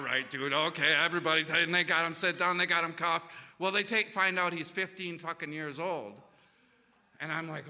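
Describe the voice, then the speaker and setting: A man's voice: high voice, sharp tone, long reverb tail. A man casually telling a rambling, profane anecdote full of restarts. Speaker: storyteller.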